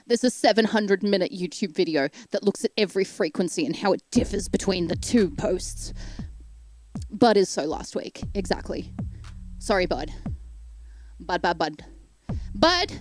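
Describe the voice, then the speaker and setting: A woman delivering a sarcastic, animated comedic rant straight to camera, rambling from point to point. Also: lowish voice, moderate pace, long pauses, faint music behind. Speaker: comedic YouTube ranter.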